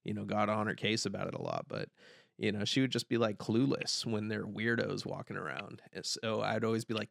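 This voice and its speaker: A young man hosting a podcast, telling a story in casual chat, animated and swearing, loudly yelling the lines he quotes. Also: lowish voice, a little fast, vocal fry, dry recording, clean studio sound. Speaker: podcast host.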